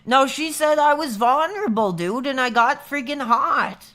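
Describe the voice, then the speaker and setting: A man's voice: very high voice, expressive, normal speed, bright, forceful tone. A man in his thirties chatting casually on a livestream, rambling and laid-back, calling everyone dude. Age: 30s. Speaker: streamer.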